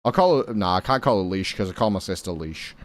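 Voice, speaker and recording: Young British male streamer, animated, casual and chatty, dry close sound. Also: low voice, fast talker, no room sound. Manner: chatty, reads and answers chat, swears casually. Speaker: game streamer.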